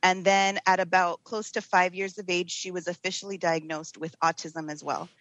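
A woman's voice: on the low side, level tone, moderate pace, a bit bright, no room sound, rough recording. A woman in her thirties, a podcast guest, talking openly and candidly in casual conversation. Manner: open, candid, lots of fillers and restarts. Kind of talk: casual interview chat.

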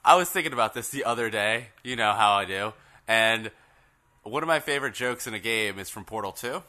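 Bright-voiced man chatting on a podcast. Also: lowish voice, fairly quick. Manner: rambling, laughs easily, many "like" fillers. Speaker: podcast co-host. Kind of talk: casual podcast chat.

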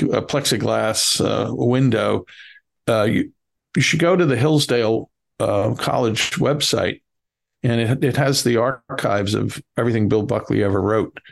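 A middle-aged man with a Bronx accent, cohosting a podcast in casual chat, halting with many stammered restarts. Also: mid-range voice, creaky.

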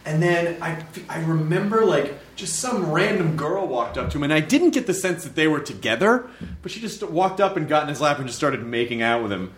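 Male host, higher-pitched and lively, casual and halting. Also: echoey room. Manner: halting, restarting sentences. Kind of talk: casual chat.

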